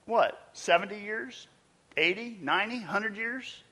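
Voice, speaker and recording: A man preaching a sermon in a large church, his voice bright and slightly high. He speaks slowly and emphatically, pushing some lines loud and letting others fall to a hush. The sound carries a long reverb from the hall. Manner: emphatic preaching, rising to loud peaks and dropping to a near whisper. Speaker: pastor.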